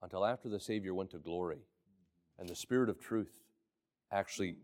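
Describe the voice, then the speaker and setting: A man in a Bible study group, asking the leader measured questions about a verse. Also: low-pitched, a little mellow.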